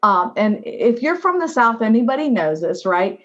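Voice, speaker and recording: A middle-aged woman from the United States, a guest on an interview show, telling her life story in an animated way and often saying "right?" and "you know". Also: on the high side, moderate pace. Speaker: guest, diversity officer. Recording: slightly dull lo-fi audio.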